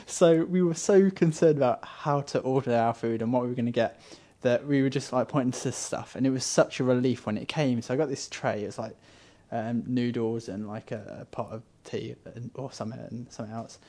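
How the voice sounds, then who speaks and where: A games journalist telling a rambling, self-deprecating travel story in casual podcast chat. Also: male voice, medium pitch, a little fast, few pauses, dark tone.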